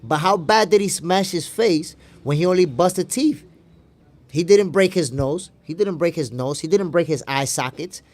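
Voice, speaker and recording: A man's voice: a little high, moderate pace, a little mellow. A man hosting a boxing stream, arguing his point emphatically, repeating lines for stress and answering chat. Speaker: boxing show host. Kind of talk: live stream commentary reading chat.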